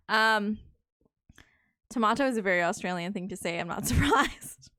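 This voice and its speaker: A woman's voice: medium pitch, animated, moderate pace, pushed and bright, no echo, clean studio sound. A young woman chatting casually while she plays a game, rambling and swearing when she gets stuck. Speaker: streamer. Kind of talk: casual live-stream commentary while playing.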